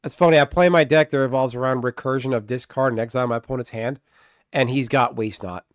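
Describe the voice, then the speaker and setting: A streamer with a mid-pitched, steady voice talks fast during live gameplay commentary, muttering and trading insults with an opponent who can't be seen. His recording sounds close and dry, with no echo or room around it.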